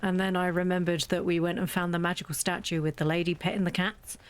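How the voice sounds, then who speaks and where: A game streamer with a lowish, smooth voice talks at a quick pace in a level tone. She's playing a farming game, chatting casually, thinking out loud and poking fun at herself.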